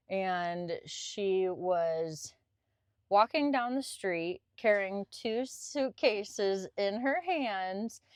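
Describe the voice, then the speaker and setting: A woman who works as a caregiver tells a heartfelt personal story, her feelings close to the surface. Her voice is smooth and resonant, and it sits at an ordinary middle pitch. The recording is dry and close. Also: no room sound. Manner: warm, emotional, chokes up easily. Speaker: podcast guest, caregiver.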